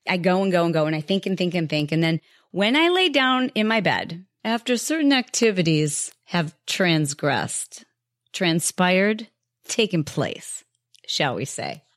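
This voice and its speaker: A woman podcast host speaks to her listeners candidly and casually about habits, often acting out what she used to think. Her voice is fairly low, very animated and a little slow, recorded in clean studio quality with no echo.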